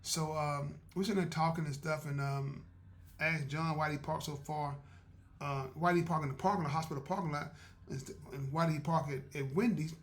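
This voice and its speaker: A man's voice: a little high, fairly even intonation, brisk. A man hosting a podcast, telling a story in a casual, chatty way, often laughing and acting out what people said.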